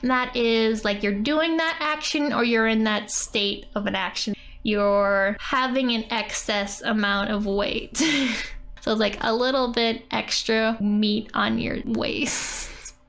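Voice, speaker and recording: A woman's voice: fairly high pitch, slow pace, fairly bright tone. A woman giving a casual Japanese lesson from a manga page, chatty and giggly as she explains words and reads out the characters' lines. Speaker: Japanese language teacher.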